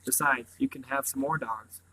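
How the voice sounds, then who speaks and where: A man softly voicing a gentle farm mother. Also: medium pitch, steady tone, normal speed, husky, poor audio. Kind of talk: storybook reading.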